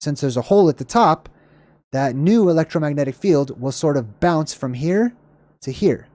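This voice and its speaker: A man hosting a livestream, answering chat questions in a casual, rambling way, often searching for words and correcting himself, with a slightly hoarse voice. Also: mid-range voice, mellow, no echo, clean studio sound.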